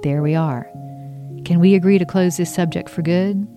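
A woman's voice: fairly low pitch, fairly even intonation, moderate pace, dark tone, soft background music, lightly acted. A woman voicing a tired, easygoing father who sighs at his daughter's questions. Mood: weary. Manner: sighing, tired.

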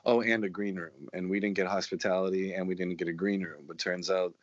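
Low-voiced man swearing through a story. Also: fairly even intonation, brisk, dry recording, dull audio. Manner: profane, rambling, matter-of-fact. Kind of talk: casual storytelling chat.

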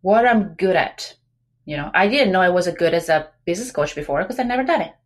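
A pregnant woman talking as a guest on a business podcast, chatty and lively, acting out quoted remarks between many fillers. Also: fairly low pitch, fast. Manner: animated, acts out quoted voices, many fillers. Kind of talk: casual interview talk.

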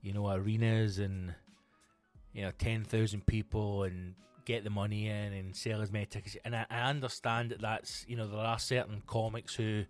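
A man's voice: fairly low pitch, little pitch movement, normal speed, soft background music. A Scottish man, a comedian, chatting on his own podcast in a rambling, sweary way with lots of restarts. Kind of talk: casual solo podcast chat.

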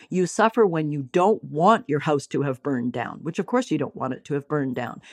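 A woman speaking as a psychologist and teacher, giving an expressive motivational talk on acceptance. She calls her listeners sweethearts and darlings and slows down to stretch key phrases. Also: deep voice, dry recording, clean studio sound.

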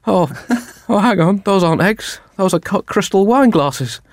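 A man voicing an exasperated wife who nags her husband about the shopping in a mock-shrill, teasing way. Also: lively intonation, unhurried, dry recording, clean studio sound.

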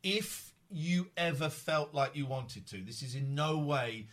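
A man hosting an emotional conversation, earnest and halting, with frequent restarts. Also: on the high side, a bit bright.

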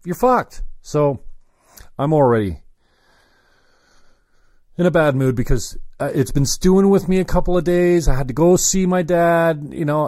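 A man's voice: on the high side, darkish tone, no room sound, clean studio sound. Rambling man telling a story. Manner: rambling, self-interrupting, profane.

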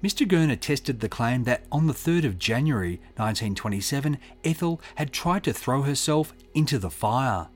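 A man giving measured, scripted true-crime narration and reading out quotes. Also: mid-range voice, lively intonation, faint music behind. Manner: measured, reads quotes aloud.

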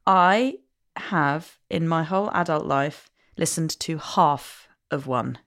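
A woman co-hosting a book podcast, wry and lively, moving between chat and prepared notes. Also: low voice, slow. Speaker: podcast co-host.

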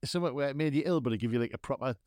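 A man's voice: mid-range voice, rapid-fire, a little mellow, no room sound, studio quality. A man co-hosting a podcast, casual and jokey, laughing often. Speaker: podcast co-host. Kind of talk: casual chat.

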